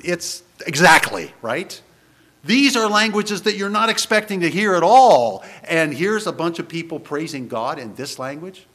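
A man preaching a sermon in church, animated and conversational, posing many rhetorical questions to the congregation. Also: on the high side, normal speed. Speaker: pastor.

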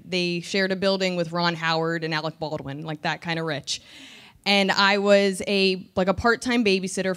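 A woman comedian in her thirties from New Jersey, telling a personal story candidly and with self-deprecating humor. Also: lowish voice. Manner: candid, self-deprecating, animated when recounting.

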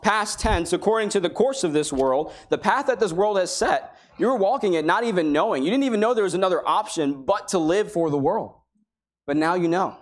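A man with a fairly high voice preaching a sermon. He talks earnestly and conversationally, reading out old-fashioned scripture lines between his own plain explanations. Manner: earnest, conversational preaching with King James quotations.

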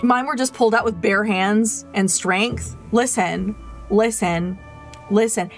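A woman streaming a game, chatting casually to her viewers and telling stories in an animated way. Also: mid-range voice, measured pace, faint music behind. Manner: chatty, animated storyteller talking to chat. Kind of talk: casual gameplay chat.

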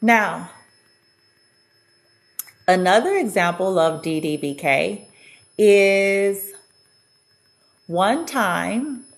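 A woman's voice: mid-range voice, lively intonation, extremely slow, long pauses. A woman vlogger telling a personal story in a chatty, casual way, often laughing and acting out what people said.

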